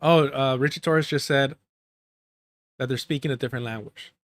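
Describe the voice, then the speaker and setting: A man's voice: medium pitch, steady tone, normal speed, dry recording, clean studio sound. A man giving live reaction commentary on a clip, mocking and profane, breaking into laughter.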